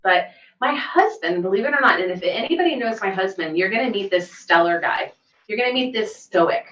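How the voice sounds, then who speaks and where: A middle-aged woman, a massage therapist and podcast co-host, telling stories in lively casual chat. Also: medium pitch, fairly quick. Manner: animated storyteller, laughs easily. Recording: roomy, distant, dull mic sound.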